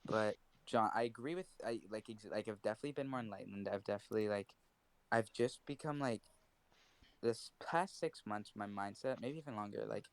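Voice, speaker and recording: Teenage man, low voice, casual podcast chat, reflective, laid-back, dry sound. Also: brisk, clean tone, dry recording. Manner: relaxed, reflective, swears casually.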